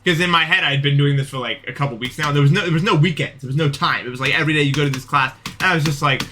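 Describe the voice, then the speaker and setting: A man's voice: a little high, rapid-fire, sharp tone, a little hiss or hum. A young man streaming, telling a long dream in casual chat, rambling with many fillers and restarts. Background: background music.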